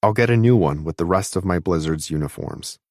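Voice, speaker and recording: A man narrating a first-person audiobook in a steady, intimate reading on a close studio mic. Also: deep voice, brisk, no room sound.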